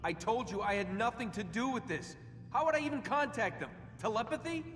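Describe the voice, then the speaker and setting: A man's voice: very high voice, lively intonation, fairly quick, fairly bright tone, in a large hall, slight background noise. An actor playing a sarcastic, defensive young male prisoner who mocks his captor. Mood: defiant.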